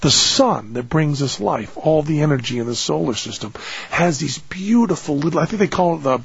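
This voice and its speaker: A man hosting a radio show, telling stories in a high, lively voice with a gravelly, husky edge. He is close on a studio mic, and the sound is dry and a little muffled. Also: moderate pace, no room sound. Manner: animated, shouts quoted lines, laughs often. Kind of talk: casual storytelling chat.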